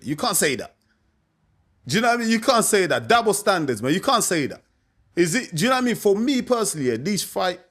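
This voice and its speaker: This man has a mid-range voice with a fairly bright tone. As a boxing coach and channel host, he shares his views on camera in a casual, emphatic way, frequently adding "you know what I mean".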